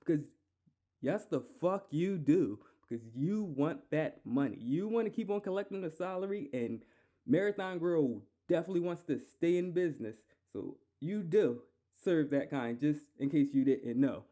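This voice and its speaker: A man's voice: fairly high pitch, expressive, moderate pace, mellow. A man hosting a solo podcast, ranting heatedly and profanely, repeating himself. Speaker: podcast host.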